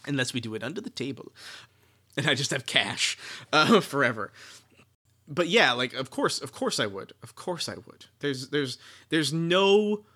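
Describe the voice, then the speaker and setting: A man's voice: medium pitch, big pitch swings, moderate pace, sharp tone, breathy edge. A man co-hosting a casual book-discussion podcast, rambling and laughing, with lots of restarts. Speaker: podcast co-host.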